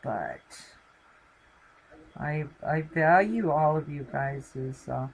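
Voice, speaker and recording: Low-pitched, slow, creaky and a little breathy, a channel host chats casually while wrapping up her live stream at home with her dog on camera. She's middle-aged and rambles with plenty of fillers, and the audio's highs are cut off.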